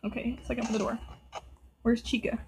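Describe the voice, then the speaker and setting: A woman with a fairly high voice gives casual commentary on a scary video game. She sounds nervous and talks straight to the characters on screen. A faint noise sits under the recording. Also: little pitch movement, brisk, gravelly. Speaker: gameplay video host. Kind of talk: casual let's-play commentary.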